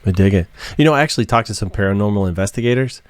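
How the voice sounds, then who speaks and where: A man's voice: fairly low pitch, expressive, rapid-fire, no echo. Laid-back man hosting a podcast. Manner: laid-back, says "dude" and "brother". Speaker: podcast host. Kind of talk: casual interview chat.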